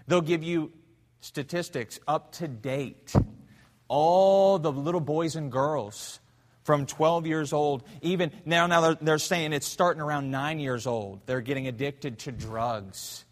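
A man preaching a sermon as pastor in a church, telling a story fervently, swinging between loud and hushed. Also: on the high side, slow pace, in a large hall. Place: church sanctuary.

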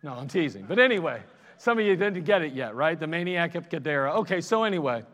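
High-voiced preacher in a reverberant church. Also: male voice, fast talker. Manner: animated, conversational preaching with self-mocking asides. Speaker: pastor. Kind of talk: sermon. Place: church sanctuary. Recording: long reverb of a church hall.

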